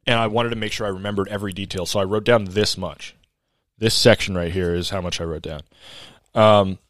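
A man's voice: fairly low pitch, fairly bright tone, no room sound. A young man and podcast co-host telling a story in casual chat, laid-back, profane and rambling.

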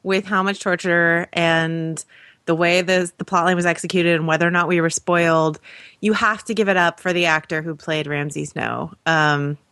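A female podcast host chats in a fairly low voice that sounds dry and close. She keeps things light and easygoing and laughs readily. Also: steady tone, moderate pace, a bit bright, smooth, dry recording. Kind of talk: casual chat.

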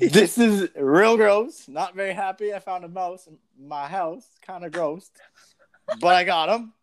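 A man's voice: high voice, measured pace, fairly bright tone, no echo. A man chatting casually on a podcast, distracted and laughing as he talks. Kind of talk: casual chat.

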